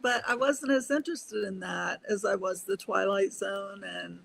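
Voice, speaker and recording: Older woman, gravelly, chatty panel guest who laughs a lot. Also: medium pitch, moderate pace, a bit bright, a little hiss or hum. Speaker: guest speaker. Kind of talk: casual panel chat.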